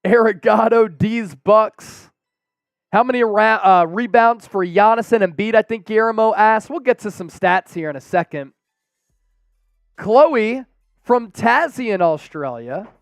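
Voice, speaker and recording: Young male stream host, high voice, dry close sound, hyped play-by-play over faint music. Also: measured pace, dry recording. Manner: energetic, breaks into excited shouts and chants. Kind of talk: live play-by-play and chat shout-outs.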